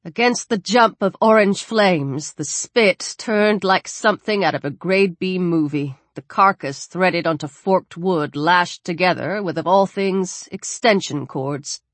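A woman reading a horror story aloud in a measured, dramatic narrating style. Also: fairly low pitch, no echo. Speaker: audiobook narrator.

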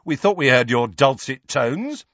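A man's voice: mid-range voice, sing-song, a little slow, fairly bright tone, no echo, dull audio, voice pushed up, heavily acted. A man reading an audiobook, voicing a cheerful teenage boy who talks in a wry, joking way.

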